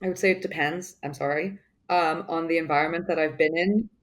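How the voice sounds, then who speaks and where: A woman's voice: low voice, steady tone, fairly quick. A woman guest in a casual interview, chatty, with many fillers and frequent laughs. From born in the US, grew up mainly in the UK.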